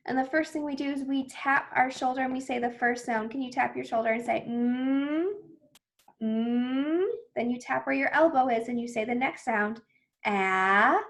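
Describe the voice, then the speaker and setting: A young woman teaching an early reading lesson to children, drawing out phonics sounds and cheering when a word is read. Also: sits high. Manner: slow, exaggerated phonics sounds with bursts of excited praise.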